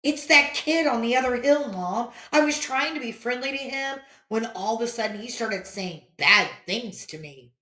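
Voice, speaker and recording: A woman voicing a lonely, quick-tempered little boy with a high, excitable voice. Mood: worked up. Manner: high, excitable, shouting boyish voice. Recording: roomy echo.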